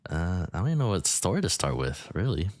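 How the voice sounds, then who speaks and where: A man co-hosting a podcast who chats in quiet, laid-back replies. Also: low voice, very animated, quick pace, no echo, clean studio sound. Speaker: podcast co-host. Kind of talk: casual podcast chat.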